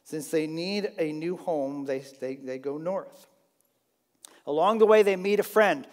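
A male Bible teacher with a slightly high voice, talking in a lively, conversational way. He often restarts his sentences mid-thought. A long hall reverb trails his words. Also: a little slow. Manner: animated, conversational, with frequent restarts. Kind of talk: Bible lesson.

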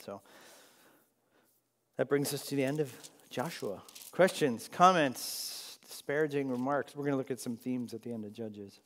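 A man leads a Bible study for a room of listeners, talking loosely and laughing often as he goes. His voice has a medium pitch and carries a long hall echo. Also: moderate pace, fairly bright tone. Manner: chatty, laughs often, asks the room "right?". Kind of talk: casual classroom teaching. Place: large room with a group of listeners.

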